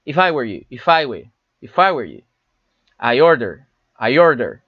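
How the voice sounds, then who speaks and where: A man whose first language is Spanish, teaching an online English lesson, explaining and repeating phrases slowly and often tagging questions with "no?". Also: medium pitch, big pitch swings, no echo, highs cut off.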